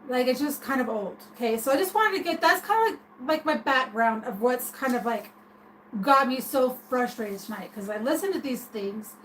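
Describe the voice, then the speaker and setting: Woman, high voice, rambling casual rant, hesitant restarts, faint background hiss. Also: animated, normal speed, fairly bright tone, rough recording. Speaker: streamer talking to viewers.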